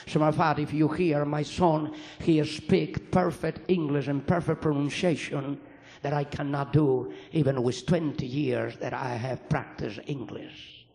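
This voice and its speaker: A man with a fairly high voice gives a spoken testimony to an audience. He talks in halting English, learned as an adult, and circles back to repeat his phrases with earnest weight. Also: darkish tone. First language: Spanish. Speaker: former priest giving testimony.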